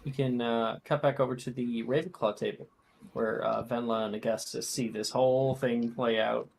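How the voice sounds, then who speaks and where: A man of middling pitch narrates as game master for his tabletop group. His delivery is relaxed and easygoing, and he slips into quieter asides as the scene plays out. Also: moderate pace, vocal fry, a little hiss or hum.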